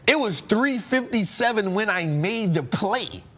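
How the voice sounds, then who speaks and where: A man's voice: high voice, animated, a little slow, pushed and bright. A man hosting a trading show, telling a story in a casual, slangy way and laughing often.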